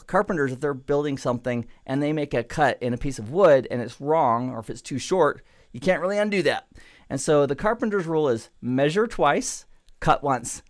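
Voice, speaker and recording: Man, middle-aged, networking instructor, relaxed and chatty, mid-pitched voice. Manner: relaxed, chatty, self-deprecating digressions. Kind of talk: screen-recorded tech tutorial.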